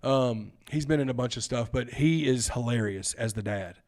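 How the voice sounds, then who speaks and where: A man's voice: medium pitch, normal speed, darkish tone. A man co-hosting a podcast, talking in an easygoing, casual way, full of fillers and "dude". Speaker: podcast co-host. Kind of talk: casual chat.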